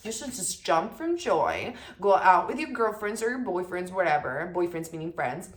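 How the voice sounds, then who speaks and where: A woman giving a pick-a-card tarot reading, sure of herself and chatty. She hammers points home by repeating them and slows right down when she reads out the card messages. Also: on the low side, sing-song. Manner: emphatic, self-assured and chatty, repeats lines for stress. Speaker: tarot reader.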